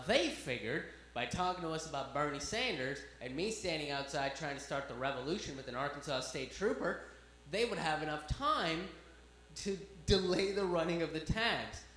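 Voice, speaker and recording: A man works a comedy stage with a high, lively voice, spinning a long anecdote and bursting into quick impressions of the people in it. The room is echoey, with a faint hum underneath. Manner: animated, acts out voices of cops in anecdotes. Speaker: stand-up comedian. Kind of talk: stand-up comedy storytelling.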